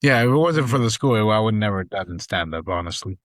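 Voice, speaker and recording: A man's voice: fairly low pitch, a little fast, no echo. Young man, guest actor, casual podcast storytelling, swears a lot, dry mic. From Southern California. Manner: animated, profane, acts out quoted lines.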